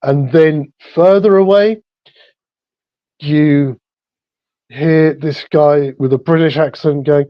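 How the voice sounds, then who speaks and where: A man narrating as the storyteller of a tabletop game, relaxed and full of fillers. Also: on the high side, takes it slowly, pauses often, no room sound. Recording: dull lo-fi sound.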